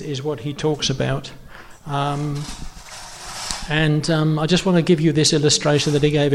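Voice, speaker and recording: A man's voice: fairly high pitch, creaky, slight background noise. A man preaching a sermon to his congregation in a conversational, rambling way with many fillers and restarts, his nose running. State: runny nose. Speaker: pastor.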